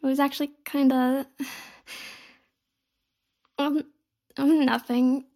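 Giggly, teasing young woman, high fry. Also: flat delivery, slow pace, darkish tone. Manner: playfully bratty and coy. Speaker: audio role-play performer. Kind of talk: intimate audio role-play.

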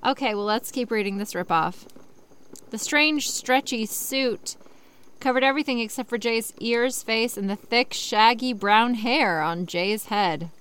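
A woman's voice: fairly high pitch, unhurried, smooth. Sarcastic woman ranting over a story. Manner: sarcastic, swears freely, rants loudly in bursts. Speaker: online reader and commentator. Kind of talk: reading a story aloud with ranting commentary.

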